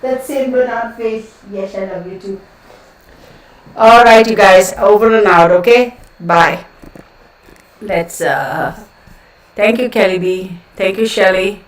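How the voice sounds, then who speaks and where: A woman's voice: mid-range voice, slow pace, long pauses, far from the mic. Chatty woman on a roomy live stream. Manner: chatty, laughs often, thanks viewers by name. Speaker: live stream host reading chat. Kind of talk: casual live stream chat. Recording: roomy, voice a bit off-mic.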